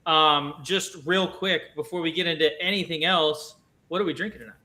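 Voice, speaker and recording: A man's voice: on the high side, normal speed, sharp tone. Playful man hosting a podcast. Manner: playful, hypes up the show. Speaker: podcast host. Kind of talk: casual podcast chat. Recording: music playing under the voice.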